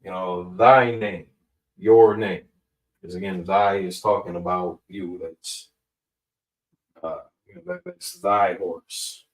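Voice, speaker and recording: Heard from a distance in an echoey room, a man who teaches Hebrew talks through grammar in a casual, slow way, thinking aloud, using fillers and fixing his own mistakes. His voice sits low and his tone stays steady.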